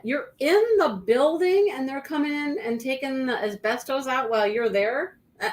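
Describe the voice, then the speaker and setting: A woman co-hosting a live show in casual chat, telling stories in an animated way and laughing often. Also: high voice, normal speed, hardly any pauses. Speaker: co-host.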